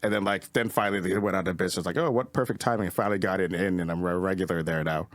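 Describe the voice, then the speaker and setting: A man's voice: low-pitched, fairly even intonation, very fast, dry recording. A man guesting as a comedian on a podcast, telling rambling stories full of fillers and swearing. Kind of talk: casual podcast storytelling.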